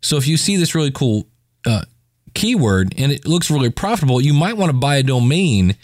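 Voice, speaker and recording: A man's voice: mid-range voice, big pitch swings, fairly quick, darkish tone, no echo. Chatty male podcast host, dry sound. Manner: chatty, informal, jokey asides. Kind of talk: casual solo podcast review.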